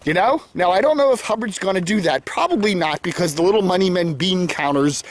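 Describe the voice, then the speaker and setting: A man's voice: high-pitched, lively intonation, a little fast, no echo. A middle-aged man hosting his own vlog, rambling opinions while walking outdoors in the woods, self-assured and opinionated. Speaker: vlog host. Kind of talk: casual opinion monologue.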